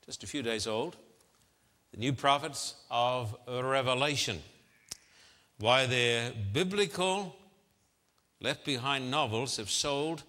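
A male preacher opens a sermon in a slow, measured way, stressing and repeating numbers for effect. His tone is bright and forceful, and his words ring out with the long reverb of a large hall. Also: mid-range voice. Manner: emphatic, repeats figures for effect.

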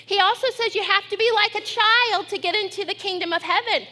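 A middle-aged woman pastor preaching a sermon, telling family stories with lively acted-out quotes. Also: extremely high pitch, fairly quick. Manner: storytelling, animated when acting out her daughter.

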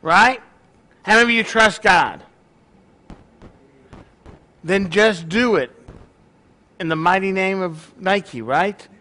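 A man's voice: high voice, slow pace, pauses often, bright, forceful tone. A male pastor preaching a sermon in a joking, conversational way to his congregation.

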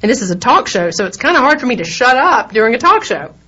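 A woman's voice: fairly high pitch, big pitch swings, fast talker, bright, forceful tone, husky. A middle-aged woman with a Southern accent co-hosting a radio talk show, chatting in a rambling, laughing way. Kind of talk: casual on-air chat. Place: radio studio. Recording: dull lo-fi radio recording.

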